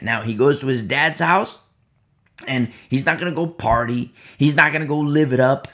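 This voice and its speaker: A man preaching a Bible sermon, repeating key phrases, asking "You see?" and swinging between loud emphasis and quiet asides. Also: mid-range voice, normal speed. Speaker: Bible teacher.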